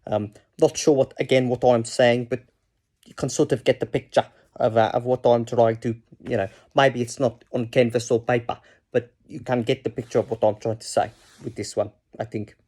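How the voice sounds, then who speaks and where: A man's voice: medium pitch, steady tone, normal speed, darkish tone, husky, natural voice. A man doing an earnest man.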